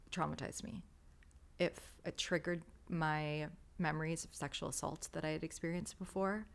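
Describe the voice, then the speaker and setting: Low creaky-voiced woman telling her story. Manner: candid, emotional, many fillers like "like" and "you know". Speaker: podcast guest. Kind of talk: candid storytelling interview.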